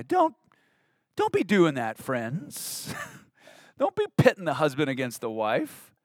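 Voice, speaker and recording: Pastor guy preaching, kinda high voice, gets animated, dry close sound. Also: no room sound. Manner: expressive preaching with rising emphasis and asides. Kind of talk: sermon.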